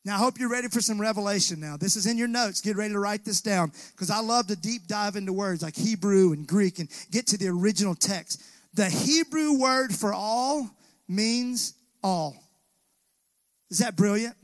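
A man's voice: sits high, fast, few pauses, dry recording. A man preaching a sermon as pastor in a church, calling out to the congregation and asking them to answer back. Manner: preaching with call-and-response to the congregation. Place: church sanctuary.

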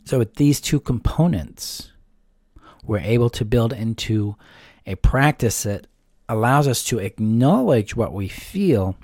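A man hosting a self-help talk, explaining in a calm, measured way and listing ideas in long runs. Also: mid-range voice, dry recording. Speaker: self-help host answering a question. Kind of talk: reflective solo talk.

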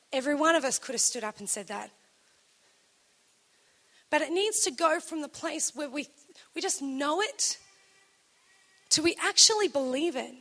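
A woman preaching a sermon, telling a scripture story in an animated way and acting out the dialogue. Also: high voice.

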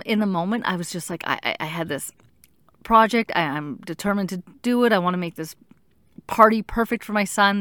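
A woman's voice: medium pitch, fairly bright tone, no room sound. A woman in her thirties telling her own story in a candid, reflective, self-questioning way. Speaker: mother sharing her experience. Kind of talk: personal storytelling, casual.

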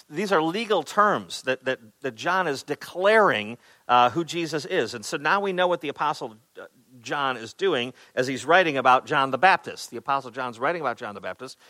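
Guy pastor giving a chatty sermon, bright voice, dry close sound, lots of uhs and repeats. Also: mid-range voice, no room sound. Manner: conversational preaching with frequent fillers and repeated words; acts out quoted voices with rising emphasis.

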